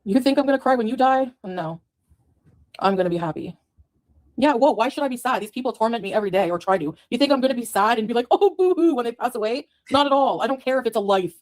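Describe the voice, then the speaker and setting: A woman rants furiously straight at the camera, cursing and sneering at the people who attack her online. Her voice sits a little high for a woman, and the delivery stays scornful and heated throughout. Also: fast. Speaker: vlogger in a played clip. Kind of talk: angry profane rant to the camera.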